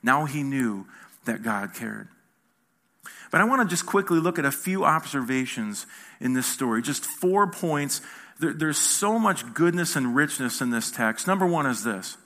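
A male pastor preaching in a conversational style, asking the audience questions and swinging between loud emphasis and hushed moments. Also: mid-range voice, expressive, measured pace. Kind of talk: sermon.

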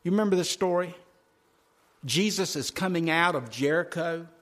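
A male preacher giving a sermon in a folksy way, talking straight to the congregation and swinging from loud, driving phrases to hushed ones. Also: a little high, moderate pace. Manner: folksy, addresses congregation directly.

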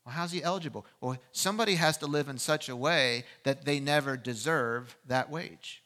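A man preaching a sermon, telling his story with animated voices and direct questions to the listeners. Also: medium pitch, moderate pace. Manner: animated storytelling, acting out voices in a courtroom scene. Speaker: pastor.

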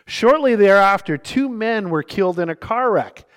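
Guy preaching a sermon, pretty high voice, reads scripture then tells stories, goes quiet then punchy. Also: expressive, normal speed. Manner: shifts between hushed and emphatic delivery. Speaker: pastor.

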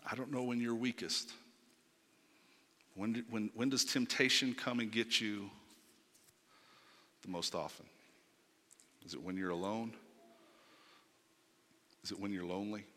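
Low-voiced guy preaching in a church hall, punchy delivery, big long reverb. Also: steady tone, a little slow, pauses often. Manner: emphatic, swings from loud to hushed, rhetorical questions. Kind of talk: sermon.

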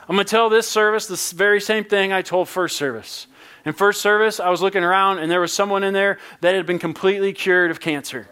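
A man's voice: sits high, fairly bright tone. A male pastor preaching a sermon in a playful, joking, conversational way.

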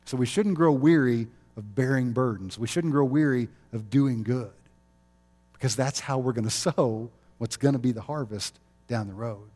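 A man's voice: mid-range voice, normal speed, warm tone. A male pastor preaching a sermon in a chapel, conversational and often chuckling.

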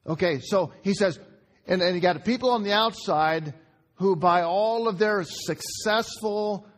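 A man delivering a sermon in a slightly higher than usual voice. He swings between loud, urgent outbursts and quiet, hushed emphasis, repeating key phrases and putting questions to his listeners. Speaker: pastor.

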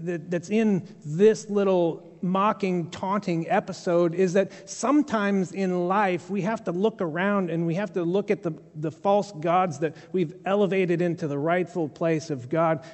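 Man pastor, chatty joking sermon, higher voice, long hall reverb. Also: a little slow, few pauses, a little mellow. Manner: conversational storytelling with humorous asides.

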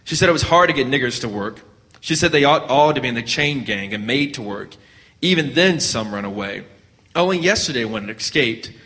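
Bright-voiced man reading a story aloud. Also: medium pitch, long reverb tail. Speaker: narrator.

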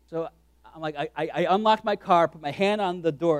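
A man preaching a sermon as pastor, animated and joking, acting out his own thoughts in quick asides. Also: a little high, dry recording.

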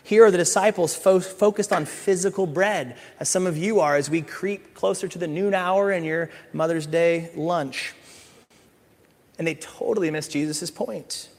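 Animated preaching pastor with a high voice. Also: male voice, moderate pace. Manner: animated, swings from loud emphasis to hushed asides, playful voices for the disciples. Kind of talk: sermon. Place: church sanctuary. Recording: church hall with long reverb.

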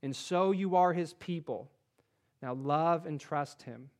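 A man preaching a sermon in a fairly high voice. He reads scripture with rising force, then drops to a hushed, earnest tone to press the point home. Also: slow pace. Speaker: pastor.

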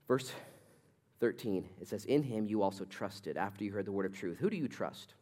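A man preaching a sermon as pastor, telling a story with lively swings between loud, excited bursts and quiet, low-toned stretches. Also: normal speed.

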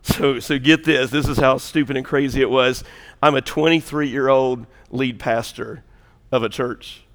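A male pastor preaching an impassioned sermon, rising loud and dropping to a hush. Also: medium pitch, fairly even intonation, a little slow, big-room sound. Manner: impassioned, swings between loud and hushed.

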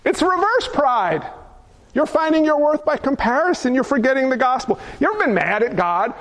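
A man's voice: extremely high pitch, very animated, moderate pace, a bit bright. A man preaching a sermon to a congregation, fervent and emphatic, firing rhetorical questions at his listeners.

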